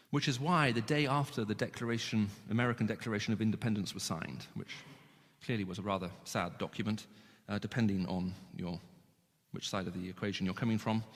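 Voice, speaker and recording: A man delivers a sermon in a large hall, his mid-range voice trailing off into long reverb. He speaks earnestly and asks his listeners one rhetorical question after another. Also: mid-range voice. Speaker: preacher.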